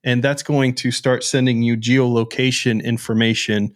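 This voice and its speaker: A man co-hosting a casual tech podcast, playful and excitable, joking one moment and explaining features at length the next. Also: mid-range voice, moderate pace. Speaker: podcast co-host.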